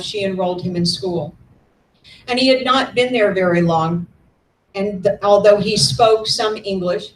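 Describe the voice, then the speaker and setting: A woman in her sixties, a guest speaker at a lecture, telling her family's history in a measured, earnest storytelling manner while showing slides. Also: medium pitch, slight background noise. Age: 60s. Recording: echoey room, mic at a distance.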